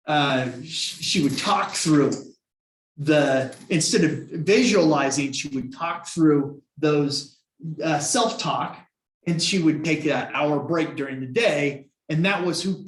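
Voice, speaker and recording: A man's voice: a little high, reverberant. A man giving a casual motivational talk to his team, telling stories and acting out his own past thoughts. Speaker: team leader.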